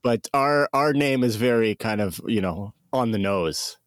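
A man's voice: on the low side, a little slow, no echo, studio quality. A man co-hosting a podcast, asking short, curious interview questions. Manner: brief prompts and curious questions. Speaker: podcast co-host.

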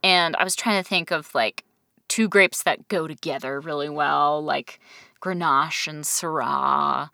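A woman's voice: sits low, measured pace, gravelly, sharp tone, dry recording, studio quality. A woman co-hosting a casual podcast chat, talking in a chatty, giggly way with many restarts. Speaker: podcast co-host.

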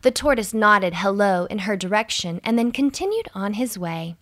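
A woman narrating a children's bedtime story slowly and soothingly, with a slight gravelly edge. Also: dry recording, clean studio sound. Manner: slow and soothing with lively pitch.

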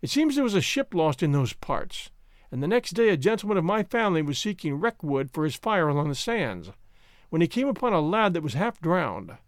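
Male narrator as a bold, stiff-necked Highland gent, wry and formal, dry close sound. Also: sing-song, brisk, no echo. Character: proud, bold Highland gentleman.

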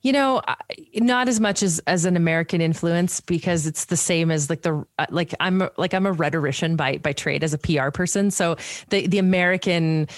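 A middle-aged woman from Canada speaks as an interview guest in a notably low voice. She is candid and animated, often restarting her sentences. The sound is close and dry, with no room around it. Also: brisk, no echo. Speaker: guest, podcast host and PR professional. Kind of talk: conversational interview.

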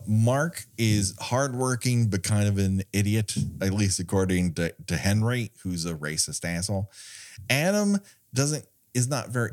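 A man's voice: on the low side, a little mellow. A man co-hosting a podcast, riffing on a movie in a wry, sarcastic way and laughing often. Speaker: podcast co-host. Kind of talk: casual movie riffing chat.

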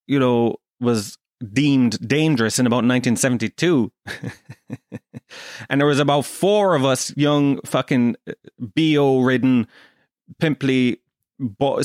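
An Irish podcast host from Kerry tells a comic story with plenty of swearing and jokes at his own expense. His voice sits at an ordinary male pitch. It is recorded dry and close to the mic. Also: unhurried, a little mellow, no echo. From Kerry, Ireland. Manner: profane, self-deprecating.

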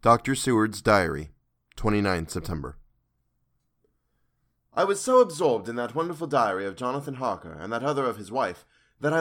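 A man reading a classic novel aloud in a measured, earnest first-person narration. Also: mid-range voice, a bit bright. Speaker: audiobook narrator. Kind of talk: scripted literary narration.

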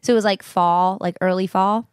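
A woman's voice: mid-range voice, moderate pace, clean tone, dry recording. Chatty young woman, dry close sound. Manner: animated, playful mock voices and giggles. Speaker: guest. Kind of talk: casual chat.

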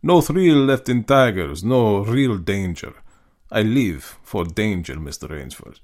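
A man voicing a suave, menacing aristocratic hunter in a storybook reading, speaking slowly and courteously. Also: fairly low pitch, sing-song, a little mellow, full character voice. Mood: measured menace. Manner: slow, measured, courteous.

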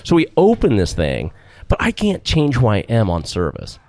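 A middle-aged restaurant owner, a guest in a casual interview, spins a long, rambling story, acting out quotes and laughing often. His medium-pitched, darkish voice swoops wildly in pitch at a normal pace, with no echo.

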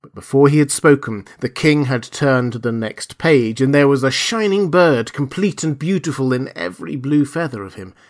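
A man reading a children's story aloud, in a gentle and expressive storytelling manner. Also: mid-range voice, normal speed, hardly any pauses.

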